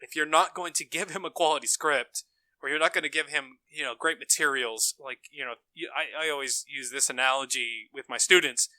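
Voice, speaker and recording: A man's voice: a little high, brisk, sharp tone, no room sound, low-quality recording. A man co-hosting a podcast, talking through his opinions on films in an emphatic, opinionated way. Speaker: podcast co-host. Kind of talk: casual film discussion.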